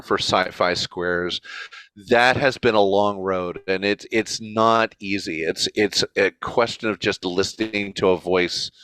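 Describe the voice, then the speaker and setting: A man telling stories in a casual interview as a convention organizer, chatty and animated. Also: low-pitched, clear, resonant tone, no room sound.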